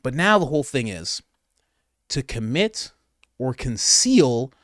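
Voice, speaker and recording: A man hosting casual political commentary, reacting to a clip with sarcasm and mockery, now and then dropping to a quiet mutter. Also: sing-song, takes it slowly, dry recording, clean studio sound. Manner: sarcastic and mocking, mimics others in exaggerated voices, laughs often; drops to a low, quiet mutter for asides. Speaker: commentary channel host.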